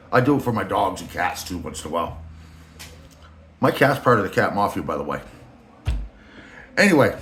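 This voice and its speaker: A man's voice: fairly low pitch, fairly bright tone. A man telling a story to camera in a rambling, crude, joking way, filming himself. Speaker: vlogger. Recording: echoey room.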